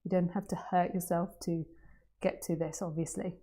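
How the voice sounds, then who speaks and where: A woman giving a spiritual talk to a group, playful and jokey, swinging from hushed questions to excited outbursts. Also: on the low side, normal speed. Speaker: non-duality teacher.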